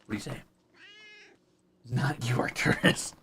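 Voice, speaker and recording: A man's voice: measured pace, fairly bright tone, slight background noise. A young man streaming casually, coaxing and teasing his pets with a playful, casual cursing manner. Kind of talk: casual live stream chat.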